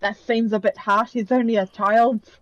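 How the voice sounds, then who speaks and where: A woman's voice: a little high, steady tone, normal speed, poor audio. A woman playing in a tabletop game, chatty and playful. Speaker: player. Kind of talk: casual chat.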